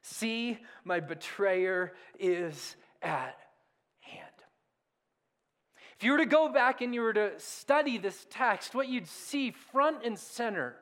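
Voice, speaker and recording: A man's voice: high-pitched, fairly bright tone. A man preaching a sermon in a conversational, questioning way. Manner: conversational, self-deprecating preaching with rhetorical questions. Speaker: pastor.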